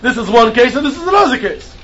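A man giving an animated Talmud class lecture, mixing Hebrew and Yiddish terms into his English. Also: very high voice, fast, husky. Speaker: Talmud teacher. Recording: dull lo-fi recording with faint noise.

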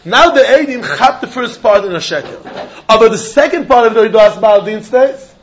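A man with a high voice leads a Talmud lesson in an animated, back-and-forth way, laughing as he works through the argument. The recording is dull and lo-fi. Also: moderate pace. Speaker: Talmud teacher. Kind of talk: Talmud lesson, lively explanation.

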